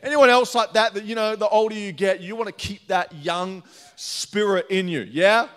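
A middle-aged man from Australia preaching a sermon, energetic and chatty, telling stories with laughs. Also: high voice, moderate pace. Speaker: pastor.

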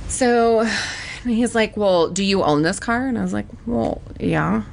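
A woman's voice: a little slow, vocal fry. A young adult woman co-hosting a podcast, telling a story in casual chat and acting out the people she quotes. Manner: animated, acts out quotes with pitch jumps. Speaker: podcast co-host.

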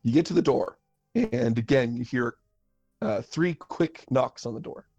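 Male game master, halting narrator, dull lo-fi recording. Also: mid-range voice, mellow, faint music behind.

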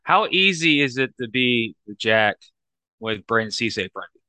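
A man's voice: medium pitch, expressive, moderate pace, sharp tone, smooth, dry recording, poor audio. A man co-hosting a sports show, chatty and joking while asking questions. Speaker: co-host. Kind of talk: casual sports podcast chat.

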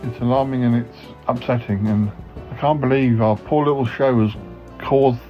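A man's voice: mid-range voice, fairly even intonation, moderate pace. Fretful man stammering. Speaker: podcast host. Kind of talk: comedy sketch acting. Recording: dull lo-fi sound, faint music.

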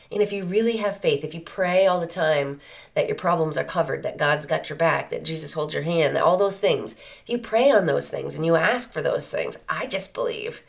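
A woman with a low-pitched voice and vocal fry hosts a reflective solo podcast. She talks earnestly and conversationally, asking many rhetorical questions.

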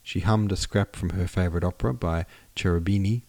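Low, gravelly male narrator. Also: dry recording. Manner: steady, measured reading. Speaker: audiobook narrator, podcast host. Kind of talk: scripted narration of a classic novel.

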